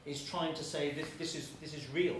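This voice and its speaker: A man who used to teach speaks earnestly on a live panel, his voice a little higher than most men's. He sounds far from the mic in a very echoey room, with clear background noise. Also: fairly even intonation, moderate pace. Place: museum event space.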